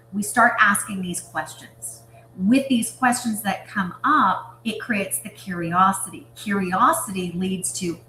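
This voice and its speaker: A woman's voice: mid-range voice, a bit bright, slight background noise. Woman interview guest, reflective and explanatory, roomy echo on the voice. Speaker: guest, business leader. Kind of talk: conversational interview.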